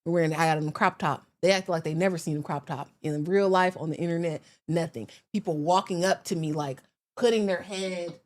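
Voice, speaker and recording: An American woman, a podcast guest, telling stories in a lively, slangy, casual way. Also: lowish voice, fairly quick. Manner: animated storyteller, slangy. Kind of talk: casual chat.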